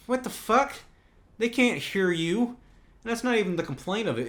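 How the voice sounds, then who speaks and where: Brief: male podcast host, mid-range voice, blunt and opinionated, casual solo Q&A delivery. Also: medium pitch. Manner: opinionated, swears when ranting. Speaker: podcast host answering viewer questions.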